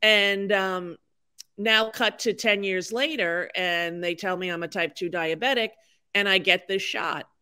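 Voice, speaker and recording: Bright-voiced woman in her sixties. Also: medium pitch, measured pace, clean tone. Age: 60s. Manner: chatty, frank and self-deprecating, rambling with fillers. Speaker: podcast guest. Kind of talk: candid conversational storytelling.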